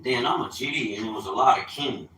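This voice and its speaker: A man in his fifties tells stories on a casual livestream in a bright, forceful, streetwise voice, breaking into loud outbursts. He sounds like he is in an echoey room, with a faint hum of ambient noise behind him. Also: medium pitch, fast talker. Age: 50s. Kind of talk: casual storytelling.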